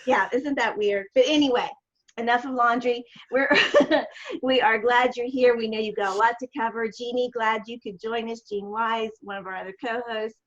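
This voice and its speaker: A woman's voice: fairly high pitch, fairly even intonation, normal speed, muffled recording. A woman with a regional American accent, co-hosting a video chat and introducing guests in an enthusiastic, chatty way that drifts off topic. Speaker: podcast co-host.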